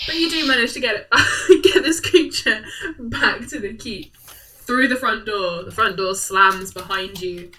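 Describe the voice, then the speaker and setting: A woman's voice: mid-range voice, measured pace. A woman narrating a tabletop game as dungeon master, playful and giggly, making bouncing sound effects. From United Kingdom. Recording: slightly distant mic with faint noise.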